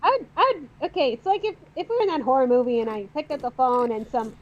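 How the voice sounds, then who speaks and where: Woman, casual chat, stammering restarts, fairly high voice, dull lo-fi sound. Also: lively intonation, fast talker, crowd noise. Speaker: artist and channel host.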